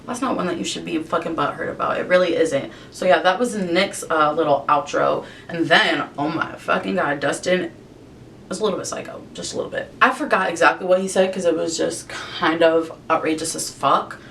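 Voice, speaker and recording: Swearing a lot and clearly fed up, a young woman vlogger rants while putting on her makeup at home. She speaks at a normal pace with vocal fry and a slightly bright tone. A faint rumble comes through the slightly distant mic.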